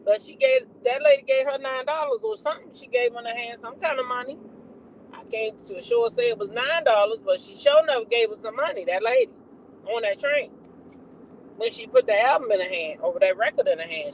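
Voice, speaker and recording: A woman's voice: fairly high pitch, sing-song, moderate pace, a little hiss or hum, poor audio. A woman hosting a gossip channel, chatting casually, laughing and repeating punchlines.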